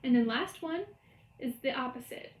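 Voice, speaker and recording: A woman music teacher records a lecture at home, walking through rhythm patterns step by step. Her voice sits high, and the room around her is noticeably echoey. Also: normal speed. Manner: explains step by step, chants rhythm syllables.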